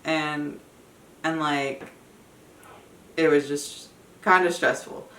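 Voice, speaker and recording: Young woman, casual vlog storyteller, chatty with lots of fillers; bright tone, echoey room. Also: sits low, steady tone, slow, recorded from a distance, slight background noise. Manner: chatty, fillers of "like", emotional retelling. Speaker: vlogger. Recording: echoey room, voice a bit off-mic.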